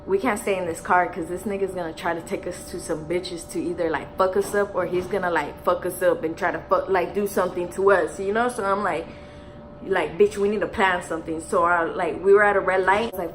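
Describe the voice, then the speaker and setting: A young woman from telling a story while doing her makeup, in an animated slangy way full of fillers and swearing. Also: on the low side, brisk, soft background music, rough recording. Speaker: beauty vlogger.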